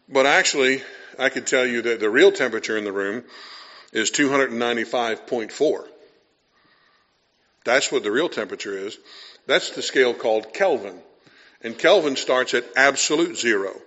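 A pastor preaching a sermon in a relaxed, conversational way, acting out quoted voices and reading aloud. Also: male voice, mid-range voice, muffled recording.

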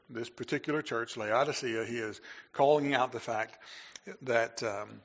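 Male pastor, casual preaching with asides, slightly raspy, reverberant church sound. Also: medium pitch, fairly bright tone. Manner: conversational preaching with fillers and humor. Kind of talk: sermon. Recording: echoey hall, dull lo-fi sound.

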